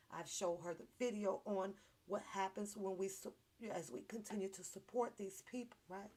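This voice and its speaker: A woman hosting a livestream, talking straight to her viewers in a heated, profane rant. Her voice sits at a middling pitch. She jumps from loud outbursts to low, muttered asides. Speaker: livestream commentary host. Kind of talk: casual livestream commentary.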